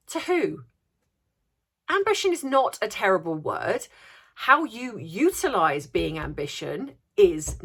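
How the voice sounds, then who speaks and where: A woman's voice: mid-range voice, fairly bright tone. Indignant sarcastic woman vlogger. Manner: indignant, sarcastic, rhetorical questions; repeats words for emphasis. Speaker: commentary vlogger. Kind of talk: opinionated commentary.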